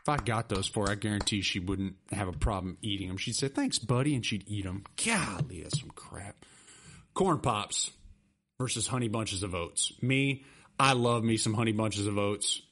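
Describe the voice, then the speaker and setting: A middle-aged man hosting a casual podcast chat, rambling and excitable. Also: lowish voice, moderate pace. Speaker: podcast host.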